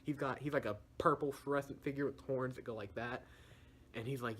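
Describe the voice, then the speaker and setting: A young man gives a loose, slangy recap of a story. He chuckles often and keeps the telling lively and informal. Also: medium pitch, brisk, slightly rough. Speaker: video reviewer. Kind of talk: casual plot recap.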